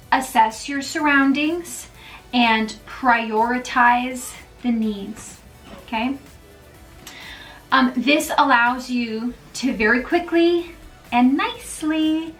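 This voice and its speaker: Sounding far from the mic, a woman with a high, fairly bright voice chats in a casual, encouraging way for her mom vlog. She keeps checking in with her listeners, asking "okay?" and "all right?"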